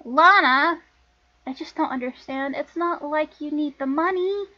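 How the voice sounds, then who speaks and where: A woman's voice: sits high, moderate pace, muffled recording, lightly acted. A woman voicing an angry, bossy older sister in her twenties who scolds and lectures her younger sibling. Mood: lecturing.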